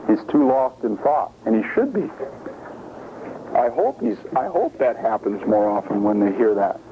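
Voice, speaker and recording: A man's voice: mid-range voice, animated, moderate pace. Guy teaching a bible study, emphatic, quizzes the room, tinny phone-ish recording with some hiss. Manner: emphatic, asks the audience questions. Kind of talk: sermon-style Bible study.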